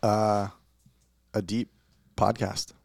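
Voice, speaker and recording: A man's voice: lowish voice, level tone, drawn-out words, gravelly, a little mellow, slightly rough, no echo, clean studio sound. A man co-hosting a podcast, teasing the others with sarcastic wisecracks. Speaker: podcast co-host. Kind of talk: casual chat.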